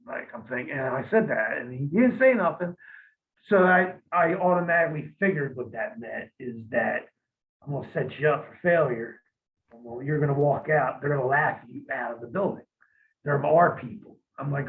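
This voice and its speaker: A man's voice: mid-range voice, normal speed. A man being interviewed as a guest, telling rambling, profane stories in a casual way. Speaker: interview guest, former pro wrestler. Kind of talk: casual storytelling. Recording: tinny phone-like line.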